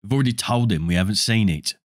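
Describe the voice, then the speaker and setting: A man's voice: lowish voice, fast, no echo, clean studio sound, close to an everyday voice. A man reading aloud voices a chatty, offhand young boy wizard in a storybook. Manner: casual, offhand. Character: easygoing chatty boy wizard, a bit scornful.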